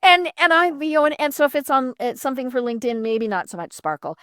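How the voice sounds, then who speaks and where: A middle-aged woman hosting a casual interview, chatty and animated, laughing often and filling pauses with "you know". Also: high voice, no echo, studio quality.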